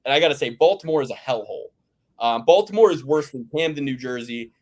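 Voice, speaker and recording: A man's voice: mid-range voice, lively intonation, fast. A man from the Philadelphia area hosting a casual sports betting chat, ranting and swearing with lots of restarts. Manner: ranting, profane, rambling with restarts. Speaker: podcast host.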